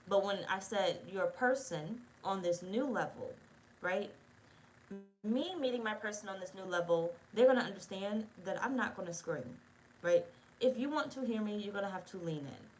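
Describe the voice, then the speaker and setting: A woman's voice: medium pitch, a bit bright, rough recording. A woman giving a tarot reading to her viewers in a rambling, casual way, swearing freely and often checking that they are following her. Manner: rambling, profane, talks straight to viewers. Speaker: tarot reader.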